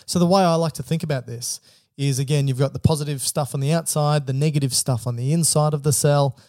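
A man's voice: on the high side, fairly even intonation, quick pace, a little mellow, dry recording, clean studio sound. A man co-hosting an educational podcast, explaining heart physiology step by step and checking in with the listener. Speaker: podcast co-host.

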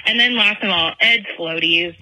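A woman's voice: mid-range voice, moderate pace, pushed and bright. A chatty woman leaving a gushing voicemail while pumping breast milk, recorded over a phone line. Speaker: caller.

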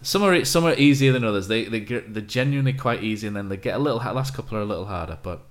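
A man hosting a casual interview, asking quiz questions and reading lines deadpan. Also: fairly low pitch, rapid-fire. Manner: reads commentary in a deadpan voice. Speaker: podcast host.

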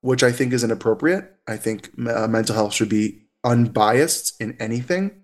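Speaking at medium pitch and a moderate pace, this American therapist is a guest in a casual podcast interview. He's chatty and animated, often using fillers and restarting his sentences.

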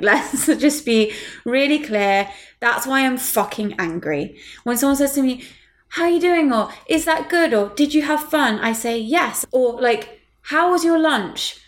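A woman in her thirties speaks with a fairly high voice in a casual, candid chat. She is blunt and swears freely, and her pitch climbs when she gets heated. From England.

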